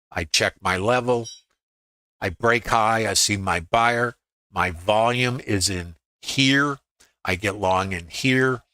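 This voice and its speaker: Going over his trades on screen during a live stream, a middle-aged educator thinks aloud and quotes his own inner voice. His fairly low voice is bright and forceful, and the recording is dry.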